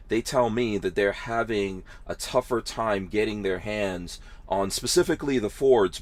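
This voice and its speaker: A man hosting a podcast, explaining things in a steady, conversational way. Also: fairly low pitch. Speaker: podcast host. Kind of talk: casual podcast interview.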